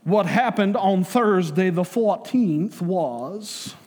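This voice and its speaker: A pompous devil in the role of a courtroom prosecutor, put on by a man, drawling in a Savannah accent and grandstanding before the judge. The voice sits a little high and rings out in a reverberant hall. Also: animated, slow pace, darkish tone, exaggerated voice. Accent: Southern US, Savannah. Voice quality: drawling, showy courtroom delivery.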